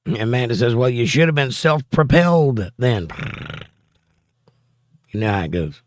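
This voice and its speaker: A man's voice: mid-range voice, animated, measured pace, dry recording, clean studio sound. A man hosting a casual livestream from home, reading viewer chat aloud and joking back. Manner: reads chat messages aloud, wisecracking.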